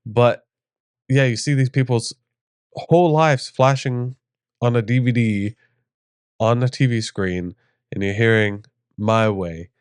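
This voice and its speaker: A man's voice: mid-range voice, a little slow, long pauses, clear, resonant tone, dry recording, clean studio sound. A young man co-hosting a casual chat, a joking storyteller who acts out voices. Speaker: co-host.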